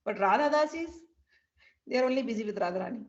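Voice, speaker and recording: A woman telling a devotional story in an animated, vivid way. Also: fairly high pitch, quick pace. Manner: animated, vivid retelling with restarts. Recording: dull lo-fi recording.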